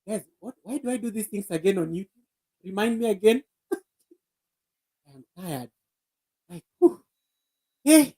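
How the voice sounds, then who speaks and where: A woman's voice: medium pitch, expressive, a little slow, pauses often, mellow, slightly rough. A woman hosting a casual live stream, playful and laughing, out of breath after dancing. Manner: playful, laughing, bursts of singing. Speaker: livestream host.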